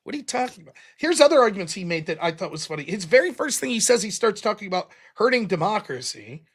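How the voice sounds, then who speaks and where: Male host, high and bright voice, animated debate recap with mocking asides. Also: quick pace, breathy edge. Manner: animated, mocking, quotes opponents in put-on voices.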